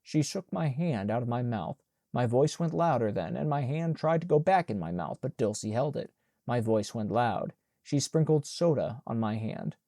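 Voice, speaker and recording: Man, audiobook narrator, measured, plain, mellow, dry recording. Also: mid-range voice, expressive, no echo. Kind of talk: scripted narration.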